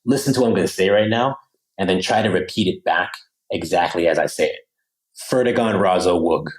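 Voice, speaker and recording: An animated man from the United States talks as a podcast guest, his voice sitting a little low. He explains his ideas in a loose, slangy way and keeps asking "right?" to check that the listener is following. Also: fast, low-quality recording. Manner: casual slangy delivery with many "like" fillers. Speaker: podcast guest, language coach.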